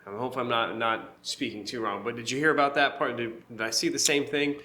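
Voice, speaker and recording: Bright-voiced man, rambling co-host. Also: mid-range voice, fairly even intonation, brisk. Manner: rambling, hesitant, many restarts. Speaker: podcast co-host. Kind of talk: casual chat.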